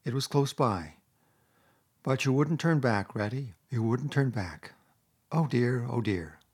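A man voicing a timid, tearful male mole who talks in broken sobs, with a husky voice. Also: mid-range voice, animated, a little slow, darkish tone. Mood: grief-stricken. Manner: sobbing, broken pleading.

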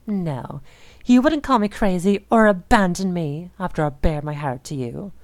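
A young woman voicing an obsessive, possessive dominant woman in an audio role-play, speaking in a soft, slow, teasing murmur. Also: lowish voice, expressive, no room sound. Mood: possessive, crooning.

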